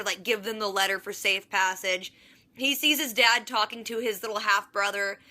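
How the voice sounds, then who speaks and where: A woman's voice: a little high, bright, forceful tone. A woman vlogger recapping a TV episode in a casual, sarcastic, chatty way, full of "like". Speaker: TV reaction vlogger.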